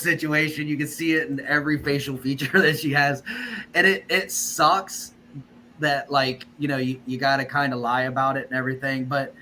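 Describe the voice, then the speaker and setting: Male co-host, casual and agreeable, bright-toned. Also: on the high side, slight background noise. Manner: agreeable, laughing, casual with some swearing. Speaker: podcast co-host. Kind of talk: casual chat.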